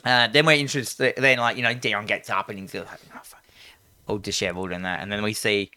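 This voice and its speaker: A man, co-hosting a casual film review chat, swearing freely and laughing easily. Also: fairly low pitch. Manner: swearing, animated, quick laughs. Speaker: podcast co-host.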